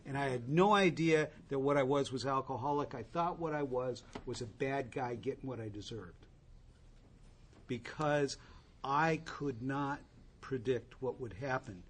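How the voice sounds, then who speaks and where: A man's voice: medium pitch, measured pace, slight background noise. A man telling his own recovery story to a group, candid and wry, with asides to the listeners. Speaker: recovery speaker.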